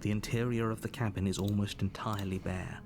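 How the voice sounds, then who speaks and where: An actor voicing the grave male narrator of a dark video game, speaking in a measured, ominous way. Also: fairly low pitch, fairly even intonation, lightly acted. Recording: game audio with music beneath.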